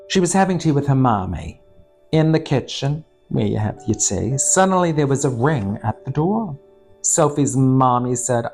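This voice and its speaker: A man's voice: medium pitch, lively intonation, a little slow, creaky, darkish tone, soft background music. A middle-aged man in drag, reading a children's picture book aloud with campy, sardonic, bawdy asides. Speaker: storytime host and drag performer.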